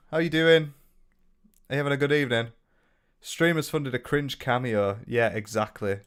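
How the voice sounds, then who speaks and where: A man's voice: medium pitch, normal speed, long pauses, a bit bright, clear, resonant tone. A British man reacting to a video in a mocking, sarcastic commentary full of swearing. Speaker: commentary streamer.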